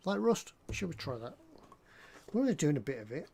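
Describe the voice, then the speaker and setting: Chatty, slightly high-voiced man. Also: big pitch swings, fairly quick, vocal fry, heavy background noise. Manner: rambling and jokey, drifts off topic. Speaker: scale model builder. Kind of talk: casual chat while working on a model. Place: hobby workbench indoors.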